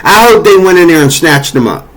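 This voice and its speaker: A man with a notably high-pitched voice launches into an angry political rant. He scolds and curses freely, his tone heated and confrontational throughout. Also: expressive, a little fast, a bit bright. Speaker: political commentator. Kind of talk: angry monologue.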